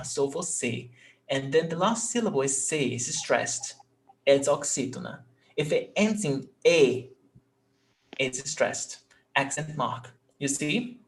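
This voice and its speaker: A man teaching a live language lesson in English, patiently repeating each word for his learners. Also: a little high. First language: Portuguese. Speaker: Portuguese teacher.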